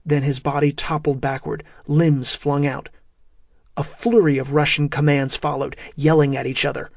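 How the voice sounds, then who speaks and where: A man narrating a thriller audiobook in a steady, measured way. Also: a little high, creaky, no echo, clean studio sound.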